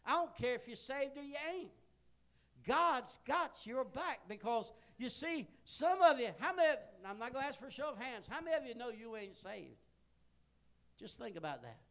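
Man in his sixties, preacher, high-pitched voice, folksy storytelling, loud bursts. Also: very animated, normal speed, creaky. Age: 60s. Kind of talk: sermon.

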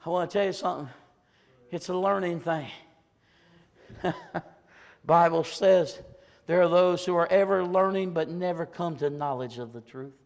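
An older man preaching a Pentecostal sermon in a church service, swinging from hollered peaks to low, confiding asides. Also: normal speed, pauses often, in a large hall. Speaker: pastor.

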